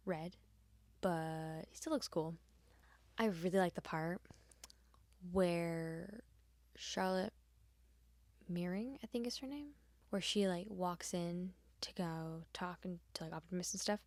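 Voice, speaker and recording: A woman's voice: on the low side, no echo. Chatty woman rambling, often half-whispering. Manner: rambling, filler-heavy, often drops to a soft whisper. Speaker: art channel host. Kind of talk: casual chat over a speedpaint.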